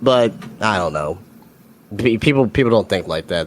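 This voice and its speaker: A man in casual wrestling chat, halting and full of "like" and "you know". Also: fairly low pitch, fairly bright tone, slight background noise.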